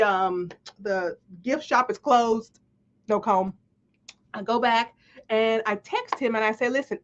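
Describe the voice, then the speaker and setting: A woman, a life coach, telling a story to a live audience with much animation, acting out the dialogue and laughing often. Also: on the high side. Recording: dull lo-fi stream audio.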